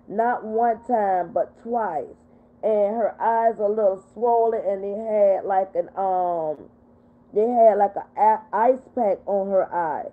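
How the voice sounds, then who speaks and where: Older woman hosting a livestream, upset and tearful, voice at a mid pitch, lo-fi phone sound. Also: takes it slowly. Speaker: livestream host. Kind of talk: emotional livestream talk reading viewer comments. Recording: tinny phone-quality audio.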